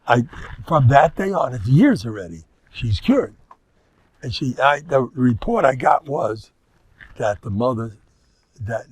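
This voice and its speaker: Husky, lively older rabbi. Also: male voice, mid-range voice, no echo. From United States. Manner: animated and joking, mixing in Yiddish and Hebrew words. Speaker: rabbi giving a lecture. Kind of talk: informal Torah lecture.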